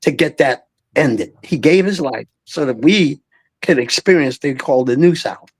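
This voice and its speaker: A man's voice: mid-range voice, a little slow, breathy edge, no room sound. A man in his eighties, a veteran singer guest, telling stories in an interview, acting out voices and laughing often. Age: 80s. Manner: animated storyteller, acts out voices, laughs often. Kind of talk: storytelling interview.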